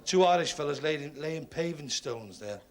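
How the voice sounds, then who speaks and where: A man's voice: a little high, expressive, normal speed, noisy background. A male stand-up comedian who tells jokes and chats with the audience, in 1970s TV studio audio. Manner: chatty, talks to the audience. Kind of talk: stand-up joke telling with audience banter.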